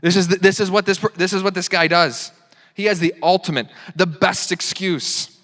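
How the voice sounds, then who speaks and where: Animated young pastor in a reverberant hall. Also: male voice, sits high, normal speed. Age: young adult. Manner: animated, self-mocking, acts out quoted excuses. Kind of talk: sermon. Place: church sanctuary.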